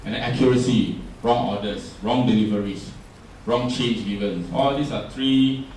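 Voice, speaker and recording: A man's voice: lowish voice, a little mellow, slight background noise. Singaporean man speaking in an echoey room. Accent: Singaporean English. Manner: chatty, asks the audience questions. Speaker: workshop speaker. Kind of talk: workshop presentation. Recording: roomy echo, distant mic.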